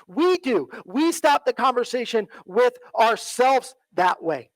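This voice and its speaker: In a church, a high-pitched pastor preaches an earnest sermon, circling back to the same phrases and often checking in with "right?" He takes it slowly with big pitch swings, going quiet and low for quoted lines. The audio is poor but dry and close, with no echo.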